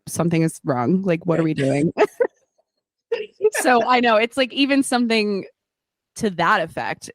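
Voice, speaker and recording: Woman, podcast host, teacher, low pitch, dry sound, casual chat. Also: no room sound. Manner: warm supportive listener, quick reactions.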